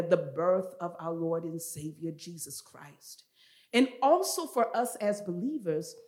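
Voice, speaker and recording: A woman preaching a sermon in a church, leading the congregation in call and response and rising to loud emphatic calls before dropping soft again. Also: medium pitch. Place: church sanctuary. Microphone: earpiece monitor and handheld or headset mic.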